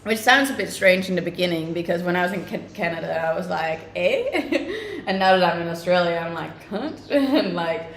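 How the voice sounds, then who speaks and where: A woman's voice: lowish voice, fairly quick, gravelly, few pauses. Chatty Scandinavian-accented young woman streamer. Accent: mixed English accent with a Scandinavian tinge. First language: a Scandinavian language. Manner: chatty and upbeat, laughs often, lots of "like". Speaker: live streamer. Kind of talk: casual live-stream chat answering viewer comments. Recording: roomy echoing sound.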